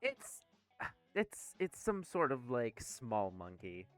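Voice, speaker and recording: A man's voice: medium pitch, wildly swooping pitch, takes it slowly, faint music behind. A man running a tabletop game, narrating in a rambling, casual way and laughing at himself. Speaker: game master.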